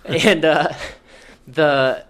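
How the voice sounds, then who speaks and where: A man's voice: on the high side, fairly bright tone, husky. A man, a podcast co-host in casual chat, telling stories with a laugh and a lot of "like". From Midwest US. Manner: laughing storyteller, many "like" fillers.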